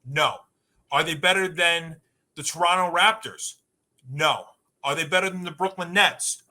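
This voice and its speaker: A man's voice: fairly high pitch, a little slow, sharp tone. A man co-hosting a sports talk podcast, arguing emphatically and rattling off long lists of teams.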